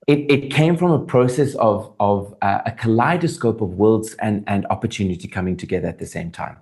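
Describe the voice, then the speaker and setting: A man's voice: fairly low pitch, a little fast, hardly any pauses. A man from South Africa with a South African accent, a guest talking earnestly in an interview and restarting his thoughts as he goes. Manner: animated, earnest, thinks aloud with restarts. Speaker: actor guest. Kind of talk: interview conversation.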